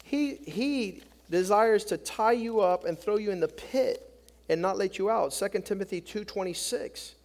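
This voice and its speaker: Male preacher, very high voice, impassioned sermon, dramatic voices, repeats words. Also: normal speed, a little mellow.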